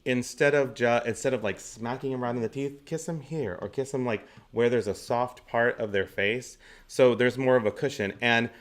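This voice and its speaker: A man's voice: mid-range voice, normal speed. A man in his forties, a guest actor on an interview show, telling chatty anecdotes and laughing often between stories. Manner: gives practical stage tips.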